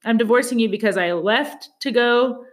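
Woman podcast co-host, chatty and gossipy, casual recap voice. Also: on the high side. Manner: chatty, gossipy, quotes people in quick asides. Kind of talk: casual chat.

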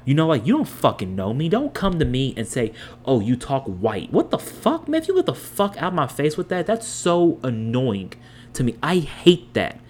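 A man's voice: on the high side, huge pitch swings, moderate pace, a little mellow, a little hiss or hum. A man in his twenties hosting a podcast, talking through a blunt personal monologue that runs into heated, profane rants. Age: 20s. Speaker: podcast host.

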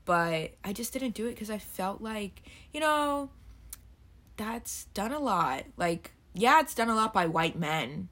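Lowish chatty young woman podcaster. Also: a bit bright. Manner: chatty, swears freely, rambling asides. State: throaty from just waking up. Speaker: podcast host. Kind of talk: casual solo podcast rambling.

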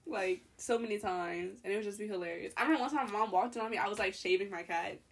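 A woman's voice: mid-range voice, quick pace. A young woman hosting a podcast, telling stories in a rambling way with lots of fillers and laughs. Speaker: podcast host. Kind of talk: casual chat.

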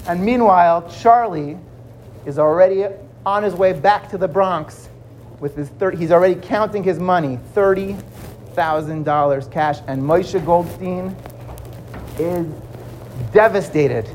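A man telling a dramatic story to children, swinging between loud and hushed. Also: high voice, normal speed, slight background noise.

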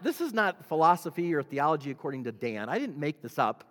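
A man preaching a sermon as a pastor, emphatic, swinging between loud declarations and hushed storytelling. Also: on the high side, very animated, brisk, few pauses. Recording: long hall reverb.

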